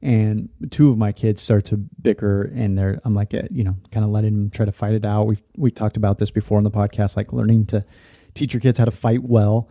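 Thirties male podcast host, low dark voice, rambling and candid, dry close mic. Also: little pitch movement, brisk, no echo. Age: 30s. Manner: candid, rambling with many fillers. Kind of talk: casual personal storytelling.

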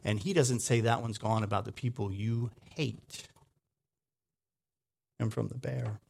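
A man giving a sermon in a conversational way, often checking in with "right?", moving between loud emphatic lines and quiet low asides. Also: fairly even intonation, a little slow, vocal fry, husky. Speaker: preacher.

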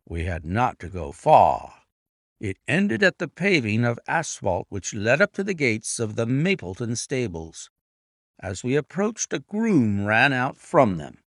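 A man reads a classic detective tale aloud, shaping each sentence with expressive storytelling. His pitch swings lively around a middle register, and the recording is close and dry with no room sound. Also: measured pace, no echo. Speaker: narrator and annotator. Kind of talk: audiobook narration.

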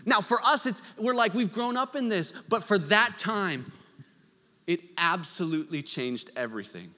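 A man preaching a sermon, conversational with joking asides, swinging from loud to hushed. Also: high voice, lively intonation, normal speed, big-room sound. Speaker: pastor.

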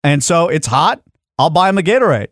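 Fast-talking man telling a story. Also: fairly high pitch, no room sound, clean studio sound. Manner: animated storyteller acting out quotes. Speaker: radio show host. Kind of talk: casual studio banter, storytelling. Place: radio studio. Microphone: studio mic.

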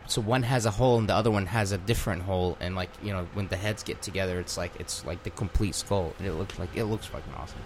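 A man co-hosting a podcast, chatting casually about a movie in a rambling, excitable way with plenty of swearing. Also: low voice, quick pace, few pauses, noisy background. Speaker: podcast co-host. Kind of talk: casual chat.

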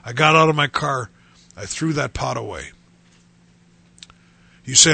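Halting gravelly male pastor. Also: medium pitch, bright, forceful tone. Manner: halting, repeats words and restarts often. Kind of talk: personal testimony talk.

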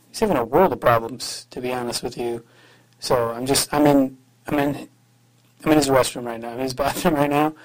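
A man's voice: mid-range voice, rough recording. A man host leaving a rambling, hesitant voice message for his show, full of fillers and restarts.

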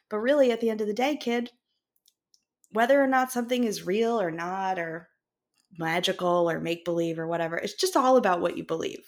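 A woman co-hosting a casual podcast tells a family story in a lively way. Her voice sits at an ordinary middle pitch, and she slips into acted-out dialogue as she goes. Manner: animated, quick asides, acts out dialogue. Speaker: podcast co-host and mother.

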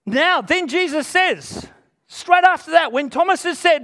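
High-voiced man preaching a sermon. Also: expressive, a little slow, fairly bright tone. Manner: earnest, emphatic, retells scripture in plain speech.

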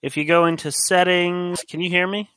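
A man's voice: high voice, steady tone, normal speed, sharp tone, clean tone, dry recording. A man playing a tabletop game over voice chat, patiently explaining settings step by step. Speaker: player. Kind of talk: casual voice chat.

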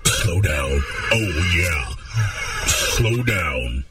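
A man doing a slow moaning prank voice. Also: deep voice, lively intonation, heavily acted. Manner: breathy, drawn-out moaning. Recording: distant clip over loud music.

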